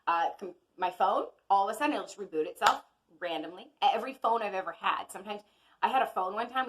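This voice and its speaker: A woman's voice: mid-range voice, a bit bright, rough recording. A woman giving a casual teaching talk as an intuitive healer and astrology teacher. She is chatty and conversational and speaks straight to her viewers.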